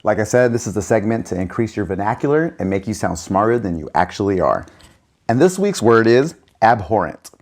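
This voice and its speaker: A man co-hosting a comedy podcast, chatting casually with dry, deadpan jokes. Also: fairly low pitch, brisk. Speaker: podcast co-host.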